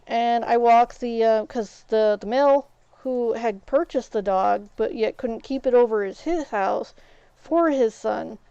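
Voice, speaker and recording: A woman's voice: a little high, measured pace, dark tone, smooth, dry recording, highs cut off. A woman streaming a game, casually telling a long rambling story and retelling conversations with "I was like".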